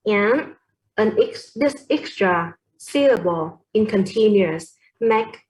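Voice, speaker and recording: A woman's voice: mid-range voice, expressive, slow, a little mellow, a little hiss or hum, poor audio. A young woman with a Vietnamese accent gives a class presentation on poetry, hesitating often with fillers and correcting herself as she goes.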